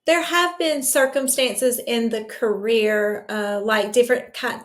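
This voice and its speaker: A woman yoga teacher speaking earnestly and emotionally about her faith in an interview. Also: mid-range voice. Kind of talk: faith-centered interview talk.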